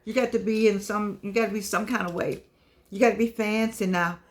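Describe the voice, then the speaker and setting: An older woman chatting casually to her viewers in a vlog, lively and affectionate, wandering from one aside to the next. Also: medium pitch, fairly quick. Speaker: vlogger.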